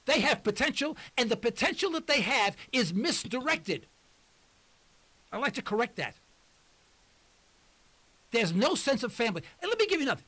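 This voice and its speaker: Older male talk radio host in his sixties, high and bright voice, impassioned and rambling. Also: very animated, normal speed, long pauses. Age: 60s. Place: radio studio.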